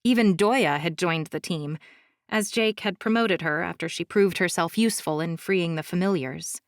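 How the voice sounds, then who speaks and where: Lady reading a fantasy romance audiobook, calm and soft, lowish voice, dry booth. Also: moderate pace, dry recording. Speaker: audiobook narrator. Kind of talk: first-person fantasy romance narration.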